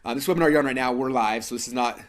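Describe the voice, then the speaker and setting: A man in his thirties from Idaho tells a story to a live webinar audience. His middle-pitched voice races along, full of fillers and quick restarts. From Idaho, USA. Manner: fast, animated storytelling with many fillers and restarts. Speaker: webinar presenter.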